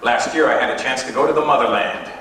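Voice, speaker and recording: A young man from Canada performing an animated stand-up set, acting out voices and characters. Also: medium pitch, fast. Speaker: stand-up comedian. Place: large indoor hall with audience. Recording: echoey hall, far from mic, noisy old tape.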